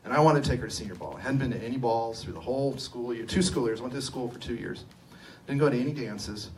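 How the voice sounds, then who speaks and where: A man's voice: medium pitch, fast, slight background noise. Self-deprecating middle-aged man, distant mic. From Sacramento, California. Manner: self-deprecating, humorous, lively storyteller. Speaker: company co-owner and engineer giving a talk. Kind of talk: conference talk with personal storytelling. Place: event room at a live talk. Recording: distant mic, faint room ambience.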